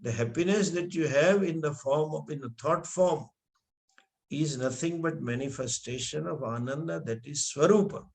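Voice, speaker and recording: A man teaching scripture, explaining slowly with Sanskrit terms and frequent restarts. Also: on the high side, creaky, darkish tone. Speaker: spiritual teacher. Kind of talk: scripture lecture.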